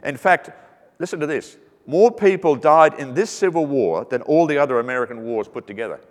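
A man's voice: a little high, lively intonation, a little fast. Man preaching in a reverberant hall. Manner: earnest, with joking asides. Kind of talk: sermon.

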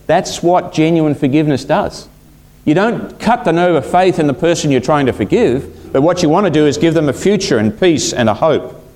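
A male pastor delivering a sermon with plenty of expression. His voice climbs when he acts out what people say and sinks to a near hush on key words. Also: normal speed. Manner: expressive preaching, acting out quotes with big pitch swings and hushed drops.

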